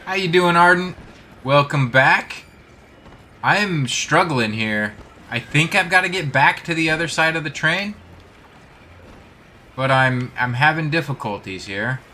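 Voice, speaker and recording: Bright-voiced male streamer, chatty and self-deprecating, casual gameplay commentary. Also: on the high side, animated, unhurried, long pauses, slight background noise.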